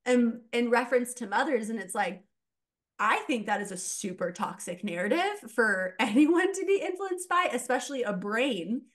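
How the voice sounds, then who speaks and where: Speaking at a normal speed in a fairly high voice, a woman who works as a mindset coach chats casually as a podcast guest. She is animated, laughs a lot, and acts out the voices she quotes.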